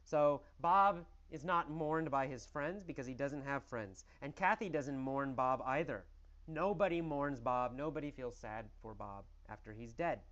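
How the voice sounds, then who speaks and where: A man leads an English lesson with a story, firing off simple questions and answering them with big, emphatic swings. His voice sits at an ordinary pitch. The audio is a little dull and lo-fi. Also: measured pace, fairly bright tone. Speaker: English teacher.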